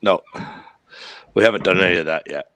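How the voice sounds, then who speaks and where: A man's voice: deep voice, a little fast, a bit bright, no echo. A man guest talking in a laid-back way about his farm work. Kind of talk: casual livestream chat.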